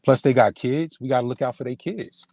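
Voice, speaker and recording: A man, a podcast guest, telling an emotional personal story in casual conversation, halting and full of slang and restarts. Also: medium pitch, darkish tone, no echo. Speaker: podcast guest, film producer and screenwriter.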